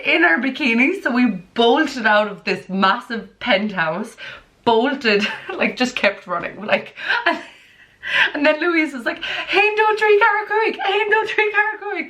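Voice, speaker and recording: A young woman chatting through a storytime vlog from her bedroom, animated and full of "like" and laughter. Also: mid-range voice. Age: young adult. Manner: chatty and animated, heavy use of "like", frequent laughs. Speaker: vlogger.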